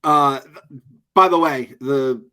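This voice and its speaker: A man's voice: mid-range voice, slow pace, pushed and bright. A man co-hosting a podcast, musing loosely about a movie and swearing casually. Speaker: podcast co-host. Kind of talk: casual movie review chat.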